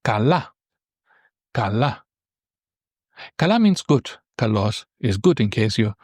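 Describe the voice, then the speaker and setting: A man teaching a beginner language lesson, explaining patiently step by step and lifting his pitch on key points. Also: no room sound, studio quality.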